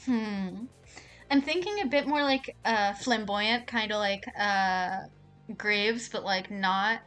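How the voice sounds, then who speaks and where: A woman streaming a game live, chatting in an excitable, rambling way and swearing a lot. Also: mid-range voice, takes it slowly, faint music behind.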